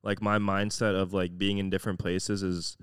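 A man's voice: deep voice, little pitch movement, moderate pace, clean tone, no room sound, studio quality. A young man from Florida co-hosting a podcast, reflecting hesitantly and leaning on "like" fillers. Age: young adult. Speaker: podcast co-host. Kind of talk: casual chat.

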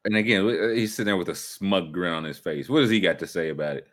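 A man's voice: deep voice, fast, a bit bright. A man hosting a casual sports chat, joking and mock-incredulous. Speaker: show host.

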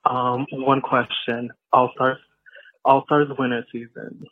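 A man's voice: medium pitch, level tone, takes it slowly. A man leaving a crude, joking voicemail, ranting and then asking questions. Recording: tinny, dry phone voicemail.

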